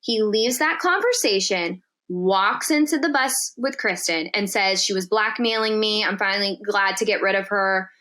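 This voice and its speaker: A woman guest on a podcast telling a story in casual chat, animated and profane, acting out the quotes in dialogue. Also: mid-range voice, normal speed, hardly any pauses.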